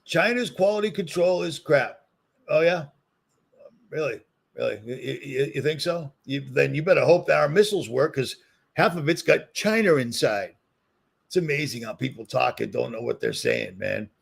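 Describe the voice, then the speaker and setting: A man's voice: medium pitch, animated, moderate pace, vocal fry, breathy edge. A man with a Boston accent, ranting heatedly in a solo commentary video and repeating his points for emphasis. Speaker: commentary vlogger.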